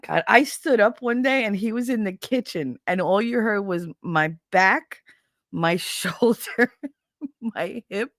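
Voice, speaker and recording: A woman's voice: lowish voice, animated, unhurried, no echo, studio quality. A middle-aged woman hosting a casual chat, telling stories with lots of laughter and playful swearing. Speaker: host.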